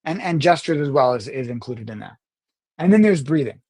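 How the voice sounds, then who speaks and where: A man teaching public speaking in an unscripted online presentation, explaining earnestly, slowing down on key words and often correcting himself mid-sentence. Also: medium pitch, animated, darkish tone, husky, no room sound. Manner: earnest and explanatory, uneven pace with slow stressed words; self-corrections and restarts.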